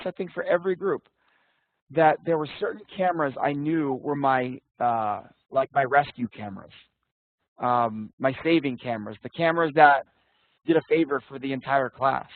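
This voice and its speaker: A man's voice: on the high side, no echo. Blunt man teaching over a call. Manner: casual, blunt, swears, quizzes students. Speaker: interview prep instructor. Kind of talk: online class teaching. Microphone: video call. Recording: tinny dry call audio.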